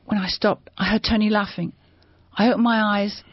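A woman giving a measured, expressive reading of a memoir, rising to shouts at the climaxes, on a dry, muffled recording. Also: mid-range voice, breathy edge, no echo. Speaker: reader of a translated memoir. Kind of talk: dramatic book reading. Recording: dull, dry, muffled sound.

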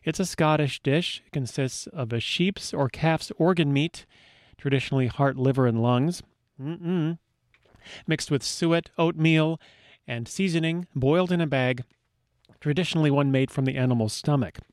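A man's voice: a little high, normal speed, no room sound. A man hosting a radio show, with a playful, wry delivery. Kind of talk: scripted radio talk.

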